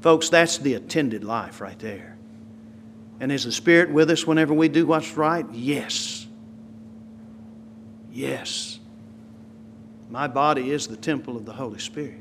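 A man preaching a sermon, swinging from quiet, slow asides to loud, emphatic lines. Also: medium pitch, slight background noise.

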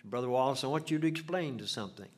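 An older man preaching a sermon, swelling loud for emphasis and dropping to a near hush. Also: mid-range voice, fast talker. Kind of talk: sermon with invitation.

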